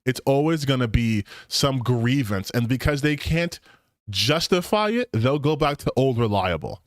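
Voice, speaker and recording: A man's voice: medium pitch, unhurried, dry recording. Young guy streaming, mocking and swearing, voice jumps all over, dry close sound. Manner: mocking, profane, animated. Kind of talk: casual commentary stream.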